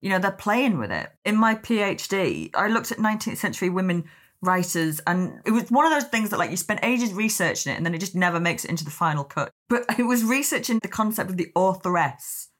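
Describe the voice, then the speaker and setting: A woman hosting a podcast, talking in a chatty, lively way with lots of "like". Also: mid-range voice, brisk. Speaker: podcast host. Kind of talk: podcast conversation.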